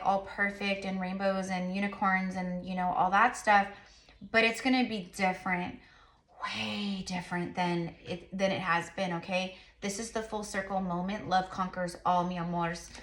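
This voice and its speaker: Woman tarot reader, chatty and rambling, bright edge, echoey room. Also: medium pitch. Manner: rambling, many fillers, repeated affirmations. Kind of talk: casual spiritual reading to camera.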